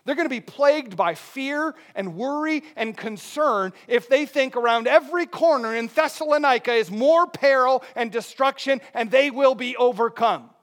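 A male pastor preaching a sermon, reading scripture and explaining it, moving between loud emphatic lines and soft hushed ones. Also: very high-pitched, moderate pace, hardly any pauses. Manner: reads scripture aloud and explains it.

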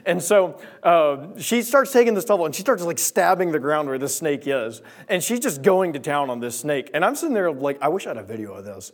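A young man tells a story from the pulpit, his voice sitting a little high. He speaks in an animated way and acts out the voices and sound effects in his story. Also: brisk, few pauses. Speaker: preacher. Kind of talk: sermon storytelling.

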